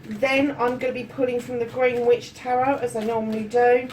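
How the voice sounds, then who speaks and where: Woman, tarot reader, casual chat, affectionate, sweary, slightly high voice, a bit distant from the mic. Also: level tone, normal speed. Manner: chatty and affectionate, swearing freely, calls viewers darlings. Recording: slightly distant mic with faint room noise.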